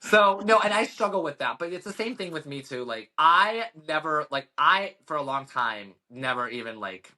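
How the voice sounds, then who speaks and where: A man's voice: on the high side, moderate pace, few pauses. A young man in his twenties, a podcast guest chatting casually and telling stories animatedly, acting out the dialogue. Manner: animated storyteller, acts out quoted dialogue. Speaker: podcast guest, social media creator.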